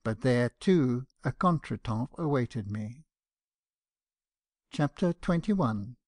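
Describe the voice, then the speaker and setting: A man with a mid-range voice narrates an audiobook in a measured, even storytelling style. The recording is studio quality with no echo.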